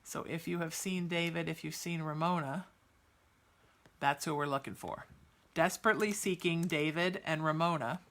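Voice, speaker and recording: A woman's voice: low-pitched, normal speed, fairly bright tone. Reassuring woman giving psychic readings. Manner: soothing, reassuring, calls listeners sweetheart; chatty, with many fillers and restarts. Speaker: psychic podcast host. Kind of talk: live psychic readings for chat viewers.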